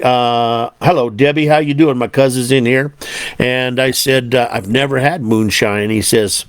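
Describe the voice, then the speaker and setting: Male host, mid-pitched, relaxed storyteller who rambles with lots of fillers, dry close sound. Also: normal speed, dry recording. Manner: rambling, laid-back, lots of fillers and "man". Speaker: show host. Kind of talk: casual storytelling monologue.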